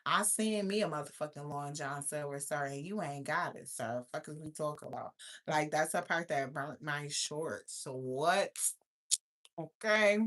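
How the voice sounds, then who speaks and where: A woman in her thirties telling a profane, animated storytime rant as a vlogger. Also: low voice, a little slow. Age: 30s.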